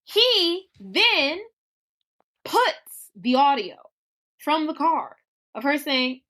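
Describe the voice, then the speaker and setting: A woman co-host recaps a film in relaxed, chatty talk. Her voice sits a little high, and she keeps slipping into the characters' lines as she tells it. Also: drawn-out words, long pauses. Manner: animated storytelling, acts out characters' lines. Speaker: podcast co-host. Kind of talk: casual movie recap.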